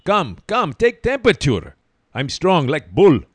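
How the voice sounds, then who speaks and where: A man's voice: fairly high pitch, huge pitch swings, unhurried, husky, no echo, pitched above the performer's own voice, heavily acted. Man putting on a stubborn tourist. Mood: insistent. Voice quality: broken English. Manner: insistent, boastful.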